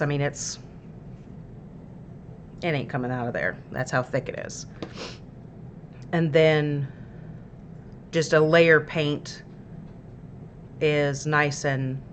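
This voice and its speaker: A woman's voice: deep voice, slight background noise. A woman hosting a miniature painting livestream, explaining her paints in a chatty, easygoing way with plenty of fillers. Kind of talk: casual paint-along tutorial.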